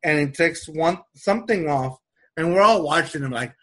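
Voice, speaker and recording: Animated storytelling man, fairly high voice. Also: moderate pace. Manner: animated storytelling, acts out quotes. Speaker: storyteller in a conversation. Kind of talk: casual chat.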